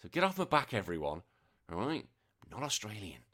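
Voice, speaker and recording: A man's voice: on the low side, wildly swooping pitch, fairly quick, fairly bright tone. An Englishman in his thirties hosting a podcast, chatting casually, swearing freely and telling stories with animation. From England. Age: 30s. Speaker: podcast host.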